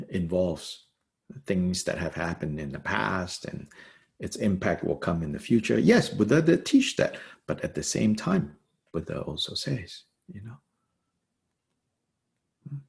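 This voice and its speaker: Gravelly-voiced man teaching, lively pitch. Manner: thoughtful, halting, many fillers and pauses; laughs lightly while explaining. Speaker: Buddhist teacher. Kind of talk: lecture commenting on a text.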